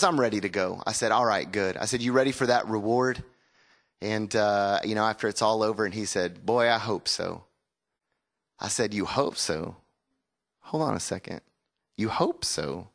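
A man, telling stories casually and talking straight to his congregation. He often asks the listeners to repeat a key word back to him. His voice sits at an ordinary middle pitch. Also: a bit bright. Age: 40s. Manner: conversational storytelling with call-and-response. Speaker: pastor. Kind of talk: sermon.

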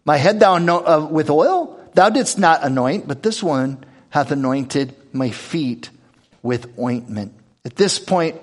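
A man preaching a sermon, reading scripture aloud and explaining it in a conversational way with rhetorical questions. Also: a little high. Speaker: pastor.

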